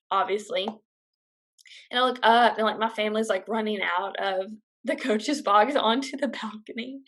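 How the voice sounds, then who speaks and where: A woman's voice: mid-range voice, fairly bright tone. A young woman vlogger casually telling a personal story, chatty and full of fillers. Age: young adult.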